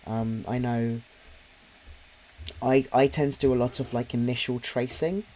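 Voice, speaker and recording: At a measured pace, a stream co-host and podcast writer from near London, England, talks casually on a live drawing stream in a slight Cockney accent. He rambles with many fillers and restarts, his medium-pitched voice steady and a little mellow.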